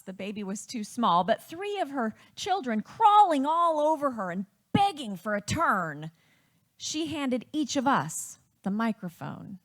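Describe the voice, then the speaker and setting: A woman from Wisconsin telling a personal family story in a reflective, unhurried way. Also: on the high side.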